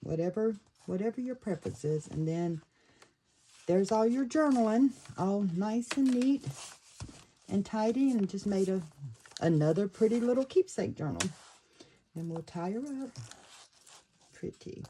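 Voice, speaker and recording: A woman casually talking through a handmade journal, thinking aloud and pausing to fiddle with the pieces. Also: mid-range voice, warm tone, slight background noise, rough recording. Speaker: paper craft creator. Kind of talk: casual craft flip-through.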